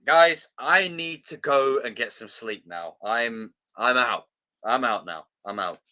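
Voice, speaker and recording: A man's voice: medium pitch, takes it slowly, pushed and bright, a little hiss or hum. A man hosting a live stream, chatting casually, reading viewer comments and swearing as he banters. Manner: banters and swears, quotes films mockingly. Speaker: livestream host.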